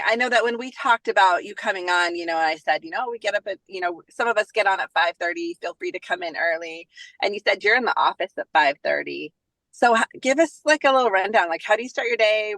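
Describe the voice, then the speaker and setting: Kobieta, współprowadząca, zadaje gościowi luźne pytania jasnym, ostrym głosem w suchym nagraniu. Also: female voice, medium pitch, a bit bright, no room sound, poor audio. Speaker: co-host. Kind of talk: interview questions.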